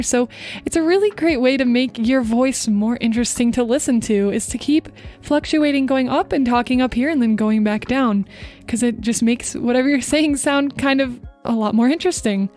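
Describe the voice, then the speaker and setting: A young woman streaming as a VTuber, talking fast and chatty to her chat while giving voice tips. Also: on the high side, darkish tone, soft background music. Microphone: close desk microphone.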